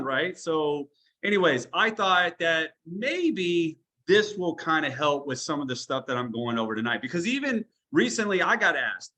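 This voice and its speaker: Male business trainer, a little high, bright and forceful, blunt and chatty, tough-love coach on a video call. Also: expressive, moderate pace.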